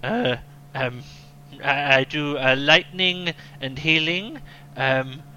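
A player talks hesitantly, with giggles in between. His voice is high-ish and bright. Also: takes it slowly, dull audio, slight background noise. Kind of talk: tabletop game play.

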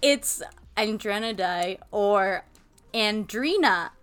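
A woman's voice: medium pitch, lively intonation, slow pace, a bit bright, smooth, faint music behind. A young woman co-hosting a casual podcast, rambling with lots of "like"s and breaking into giggles. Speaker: podcast co-host. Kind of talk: casual chat.

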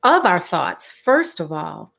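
A middle-aged woman, talking to her listeners in a casual, expressive way and acting out the questions she quotes. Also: slow pace, creaky. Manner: expressive, acts out quoted questions with big pitch swings. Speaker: host.

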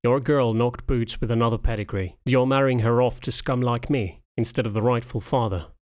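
A man voicing a snarky, defensive young male cattle dog who talks bluntly and gruffly, in an audiobook reading. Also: mid-range voice, steady tone, normal speed, darkish tone, dry recording, studio quality, natural voice.

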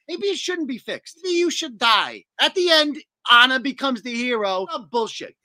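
A man's voice: very high voice, big pitch swings, moderate pace, few pauses, pushed and bright, dry recording. A man and show host delivering a profane, mocking comedic rant.

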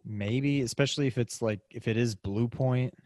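A man's voice: mid-range voice, moderate pace, warm tone. A man co-hosting a casual gaming podcast, talking in a hesitant, hedging way. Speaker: podcast co-host.

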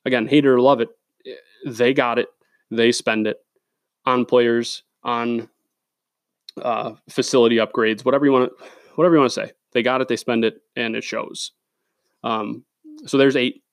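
Man, podcast host, creaky voice, dry close mic, opinionated and profane. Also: medium pitch, fairly even intonation, moderate pace, long pauses, no echo. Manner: blunt, profane, opinionated, with many fillers. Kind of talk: solo sports podcast rant. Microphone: studio microphone.

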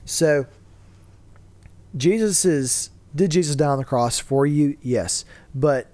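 A man's voice: fairly high pitch, slow pace, darkish tone, no echo. Earnest man posing rhetorical questions. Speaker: podcast host. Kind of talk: casual faith discussion.

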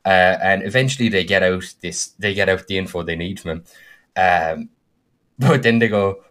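A man, co-hosting a podcast and telling the story of a game he ran in an animated, filler-heavy way. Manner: animated, with frequent fillers and quick bursts of higher pitch. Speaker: podcast co-host and game master. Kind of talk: casual storytelling chat.

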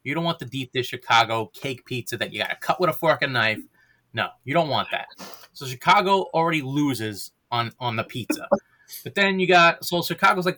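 A man in a casual podcast debate, ranting hard and swearing freely. His voice is bright and forceful, and he mocks the other side as he goes. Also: a little high, animated, fairly quick. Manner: profane, ranting, mocking. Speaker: debater defending hamburgers.

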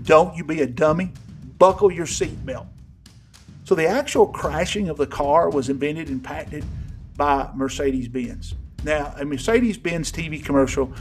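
A man pastor preaching a sermon in a church sanctuary, folksy and emphatic, swinging between loud and hushed. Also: a little high.

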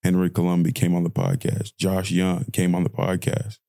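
A man's voice: deep voice, monotone, moderate pace, creaky, mellow, no room sound, clean studio sound. A young man hosting a podcast, delivering an impassioned audio-diary rant with lots of repeated phrasing. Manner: impassioned ranting, repetitive phrasing. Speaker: podcast host.

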